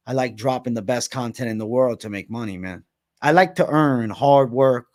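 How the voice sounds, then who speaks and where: A man in his twenties hosting a casual livestream, hyped and profane, heavy on slang. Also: medium pitch. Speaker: livestream host.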